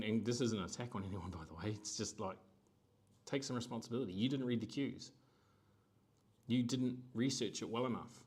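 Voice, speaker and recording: A man's voice: on the low side, fairly quick, pauses often, darkish tone, slightly rough. A middle-aged man hosting a live-stream, talking casually and animatedly, slipping into quoted voices. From New Zealand. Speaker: host.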